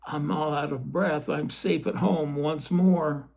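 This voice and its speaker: A man playing a small, plucky hen from a storybook, quick and anxious, who talks in a hurried, breathless rush. The voice has a gravelly, husky grain. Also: on the high side, fairly even intonation, darkish tone, voice pushed up, full character voice.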